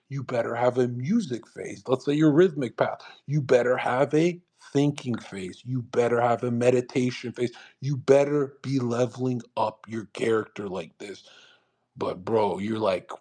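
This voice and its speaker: A man's voice: on the low side, fairly even intonation, normal speed, darkish tone, slightly rough. A man hosting a live audio chat room, lecturing in a brash, repetitive, heavily profane manner. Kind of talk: profane motivational monologue. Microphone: online audio call.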